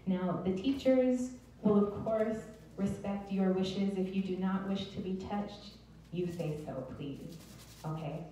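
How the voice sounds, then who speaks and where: A woman teaching the Alexander Technique, gently and encouragingly guiding a group through an exercise step by step. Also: medium pitch, slow. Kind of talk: guided group exercise instruction. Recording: roomy distant mic with faint noise.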